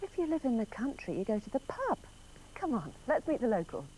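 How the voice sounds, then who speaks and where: Eager newcomer, high lively voice, gushing, noisy background. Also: female voice, brisk. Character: enthusiastic young woman newly moved to the country. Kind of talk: scripted language-course drama.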